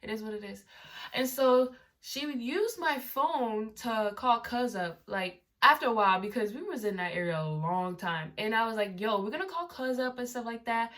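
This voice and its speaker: A woman tells a casual storytime, wandering off into asides and circling back with fillers. Her voice sits a little high and sounds very bright. She is recorded from some distance, so the voice sounds set back from the mic. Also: animated, moderate pace. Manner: rambling, with many asides and fillers. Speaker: vlogger telling a story.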